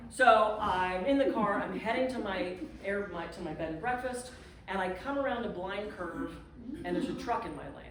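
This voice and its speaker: A woman's voice: medium pitch, a little hiss or hum. A woman guest speaker telling a dramatic, self-mocking story to a live audience at a clubhouse event. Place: community clubhouse event room. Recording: echoey room, far from the mic.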